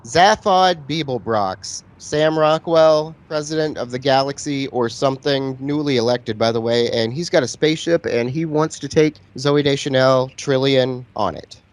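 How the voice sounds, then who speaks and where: A man's voice: medium pitch, moderate pace, few pauses. A man with a mid-range voice co-hosts a casual podcast about a film. He trades profane banter and wry asides, and at times runs down the movie's cast. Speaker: podcast co-host. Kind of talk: casual movie-review chat.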